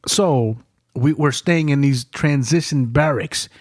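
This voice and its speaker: Brief: veteran man spinning rowdy stories, crude and animated, mid-pitched, dry studio mic. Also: slow pace, dry recording. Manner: profane, animated, laughing between lines. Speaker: military veteran telling stories. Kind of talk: casual podcast storytelling.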